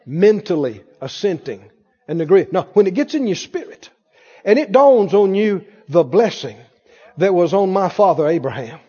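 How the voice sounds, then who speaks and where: A man's voice: high-pitched, very animated, moderate pace, warm tone, husky. A man preaching a sermon as pastor, with fervent, repeated declarations. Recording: dull sound in a reverberant hall.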